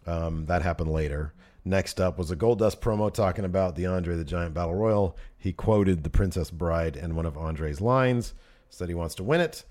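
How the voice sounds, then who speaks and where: A man co-hosting a podcast, recapping wrestling in casual chat, animated and prone to laughing and trailing off mid-sentence. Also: deep voice, normal speed.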